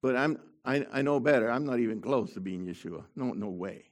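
A middle-aged man preaching a sermon with fervor, dropping to quiet asides and rising to shouted proclamations. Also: medium pitch, lively intonation, fairly quick.

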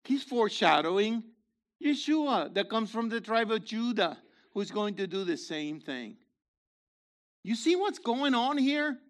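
A man preaching a sermon in a theatrical way, acting out voices and swinging from shouts to hushed asides. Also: sits high, big pitch swings, unhurried.

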